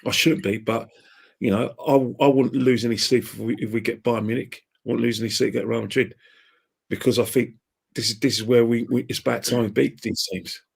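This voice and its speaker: This football fan talks a little fast as a podcast guest, casually rambling, giving opinions, and laughing at his own jokes. His medium-pitched voice is steady in tone, gravelly and slightly rough.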